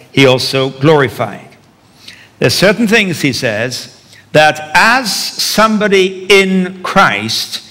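Bright-voiced preacher in a reverberant hall. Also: male voice, a little high. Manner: storytelling with wry humor. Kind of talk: sermon.

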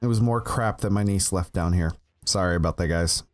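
A man's voice: sits low, fairly quick, slight background noise. A man chatting casually over voice chat before a tabletop game, rambling and restarting as he explains his setup. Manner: rambling, laughs often, restarts. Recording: desktop voice chat audio with faint music.

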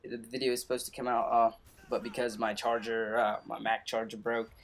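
A man's voice: mid-range voice, monotone, brisk. A young man hosting a gaming channel, giving a casual, rambling update full of fillers and restarts.

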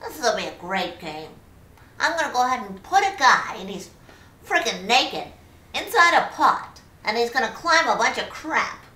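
A woman putting on the voice of a smug game designer pitching an absurd idea, mocking and incredulous. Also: sing-song, normal speed, bright, forceful tone, echoey room.

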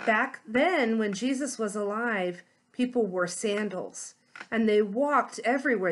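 A woman deacon telling a children's story in a gentle, slow and deliberate way. Her voice sits fairly high and she explains things patiently.

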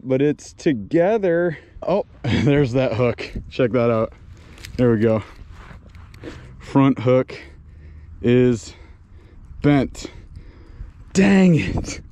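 A man vlogging from a lake shore while fishing, talking to viewers in bursts of loud exclamations and laughter. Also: medium pitch. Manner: breathless, exclaims loudly, laughs and talks to viewers. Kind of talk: excited on-the-water fishing vlog. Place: outdoors by a small lake.

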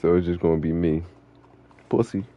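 A man's voice: sits low, level tone, moderate pace, muffled recording, a little hiss or hum. Laid-back profane young male streamer. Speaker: game streamer. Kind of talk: casual live-stream chat.

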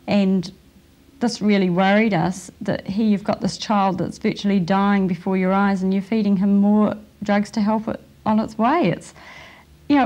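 A woman giving a testimony as a mother, earnest and halting, with emotion. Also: mid-range voice, dark tone.

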